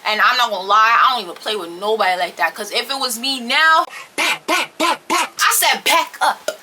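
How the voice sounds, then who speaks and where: A young woman tells a story in a casual vlog style, blunt and animated, swearing freely. Her voice is very bright and sharp and sits a bit high. A faint hiss of noise runs underneath. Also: fast talker. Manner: blunt, profane, animated retelling. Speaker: storytelling vlogger.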